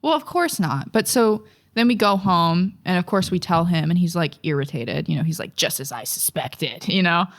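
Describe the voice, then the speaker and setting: Young woman, lower register, casual podcast co-host, loose and profane storytelling. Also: normal speed, hardly any pauses. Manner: rambling, profane, filler-heavy storytelling.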